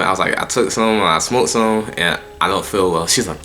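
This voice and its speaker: A man's voice: deep voice, normal speed, pushed and bright, soft background music. A young man telling a personal story in a casual, profane monologue, full of slang and stumbling restarts. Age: young adult.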